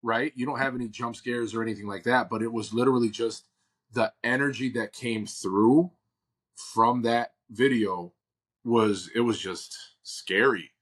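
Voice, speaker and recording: A man's voice: medium pitch, steady tone, measured pace, a bit bright. A man co-hosting a paranormal podcast, talking in a laid-back, casual way full of fillers. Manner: laid-back, uses filler like "dude" and "you know". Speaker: podcast co-host. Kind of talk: casual chat.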